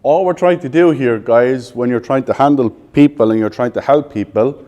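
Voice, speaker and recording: A mellow, medium-pitched male voice comes from an Irish man in his thirties running a live sales training. He quizzes the room with fast questions and answers bluntly, with some cursing thrown in.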